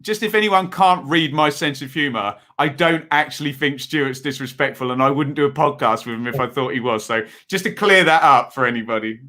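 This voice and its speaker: A man's voice: medium pitch, fairly quick, few pauses, pushed and bright. An English man, a guest on a football podcast, chatting casually, joking and laughing often, repeating words as he talks. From England. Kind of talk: casual chat.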